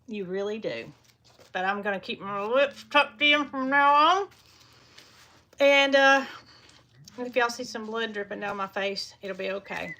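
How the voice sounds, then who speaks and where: A woman's voice: mid-range voice, measured pace, sharp tone. A woman, chatting casually on a farm live stream from a small heated milk room and cooing at the baby animals now and then. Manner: chatty and folksy, often stops to coo at baby animals. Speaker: farm vlogger.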